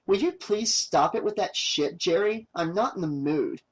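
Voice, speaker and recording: A man's voice: sits high, lively intonation, normal speed. A man voicing an exasperated young woman. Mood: annoyed. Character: irritated young woman documentary maker.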